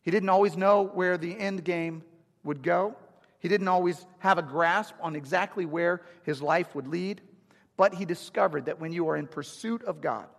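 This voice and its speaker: A man in his thirties preaches with lively, joking energy, chatting with his congregation as he tells stories. His voice sits a little high, and a long church reverb trails behind every phrase. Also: moderate pace, creaky. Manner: energetic, humorous, conversational preaching. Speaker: pastor. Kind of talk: sermon. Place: church sanctuary. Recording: long reverb of a large hall.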